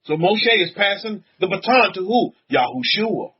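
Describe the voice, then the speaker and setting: A man's voice: high voice, animated, normal speed, a little hiss or hum. A man, a rabbi, giving an informal sermon in a chatty, repetitive way, often chuckling and speaking straight to his congregation. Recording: dull lo-fi recording.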